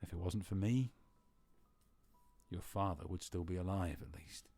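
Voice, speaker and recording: A man reading visual novel lines aloud as a guilty male cat spirit, in a plain, steady voice. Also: low-pitched, normal speed, faint music behind. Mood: remorseful.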